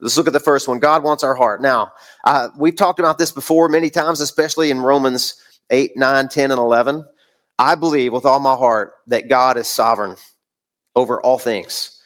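A man's voice: medium pitch, normal speed, a bit bright. A man, a pastor and parent, preaching a sermon in an earnest, emphatic way that repeats key phrases. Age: adult parent of several kids.

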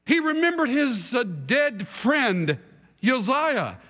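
A man preaching a sermon to a congregation, dramatic, moving from hushed tones to shouting. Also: extremely high pitch, big pitch swings, slow pace. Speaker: pastor. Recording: long reverb hall with faint music.

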